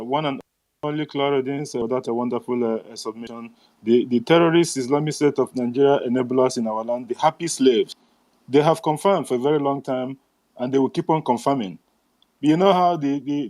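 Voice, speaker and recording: A man moderating an online political meeting, halting with fillers and sarcastic about opponents. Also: medium pitch, a little mellow, no echo. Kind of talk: political commentary.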